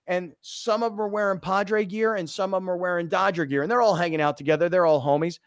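A man hosting a sports talk radio show, telling a story in an animated, excitable way. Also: high voice, quick pace, no echo, studio quality.

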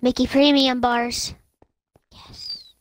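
Squeaky teen girl gamer. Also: wildly swooping pitch, slow, no room sound, low-quality recording. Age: teens. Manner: playful, childlike squeaky voice. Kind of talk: casual gameplay chat. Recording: loud game music behind. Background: loud game music.

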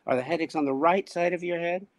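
A man being interviewed as a speech technology expert, explaining ideas in a measured, thoughtful way. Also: fairly high pitch, no echo. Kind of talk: casual conversational interview.

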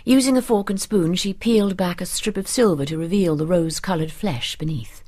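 A woman narrating an audiobook in a calm, measured bedtime reading style. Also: fairly low pitch.

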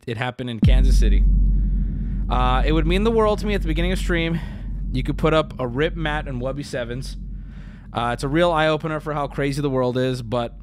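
A man streaming live, talking casually to his chat and swinging between loud outbursts and low mutters. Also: clean tone. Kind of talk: casual livestream talk.

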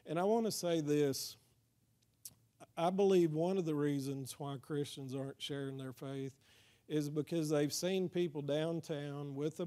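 In a church hall, a man with a Texas accent and a warm, somewhat high voice gives an evangelism training talk. He speaks conversationally and keeps asking the crowd "amen?".

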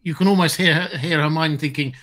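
A man hosts a casual livestream and muses on the story in a thoughtful, halting way. His voice is bright and forceful, a little higher than most men's. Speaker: host.

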